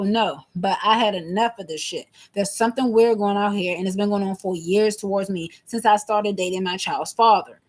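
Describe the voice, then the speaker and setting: A woman in her thirties venting to camera in an emphatic, repetitive, agitated monologue. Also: medium pitch. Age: 30s. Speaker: vlogger.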